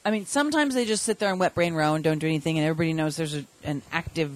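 A woman's voice: sits low, racing. Woman guest, casual and chatty, laughs through her anecdotes. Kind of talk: casual storytelling chat.

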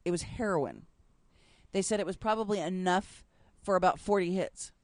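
A woman tells odd news stories on a casual talk show, chatty and quick to laugh. She stresses her punchlines. The recording is dry and close. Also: lowish voice, dry recording. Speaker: podcast co-host reading news stories. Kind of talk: casual chat.

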